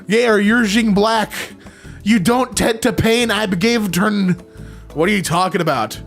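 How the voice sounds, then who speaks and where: Young dude doing goofy post reactions, voice jumps all over, a little music in the back. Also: male voice, high-pitched, takes it slowly, creaky, long pauses. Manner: animated, jokey, mock-confused readings. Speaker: reaction commentator. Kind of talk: reading posts aloud and reacting.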